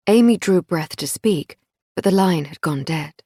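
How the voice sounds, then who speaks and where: A woman reading a crime thriller audiobook in a measured storytelling manner. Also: on the low side, animated, warm tone, slightly rough, no echo, clean studio sound. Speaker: audiobook narrator. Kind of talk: scripted narration.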